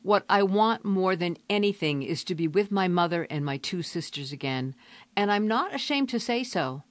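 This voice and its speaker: A woman voicing an eager, cheerful young newsboy who talks brightly and earnestly. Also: fairly low pitch, animated, normal speed, dry recording, pitched above the performer's own voice, close to an everyday voice.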